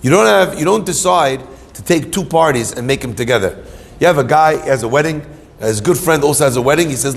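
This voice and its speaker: A middle-aged man, a rabbi, giving an animated sermon to a live audience. He tells stories, asks and answers his own questions, and mixes in Hebrew terms. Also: a little high, a little fast, creaky. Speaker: rabbi teaching Torah. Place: hall with an audience. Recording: long reverb of a hall.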